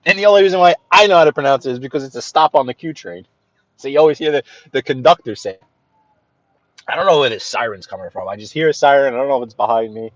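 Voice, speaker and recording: A man with a New York accent chatting to viewers while driving, greeting them by name and often clearing his throat. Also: mid-range voice, animated, fast talker, no room sound, highs cut off. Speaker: livestream host driving. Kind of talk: casual live-stream chat while driving. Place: inside a car on city streets.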